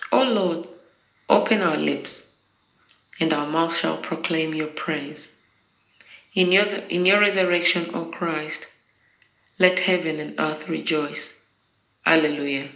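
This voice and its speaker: Prayer leader, unhurried liturgical recitation, crisp bright tone with some fry. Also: medium pitch, highs cut off. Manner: slow, measured, solemn recitation. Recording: roomy echo.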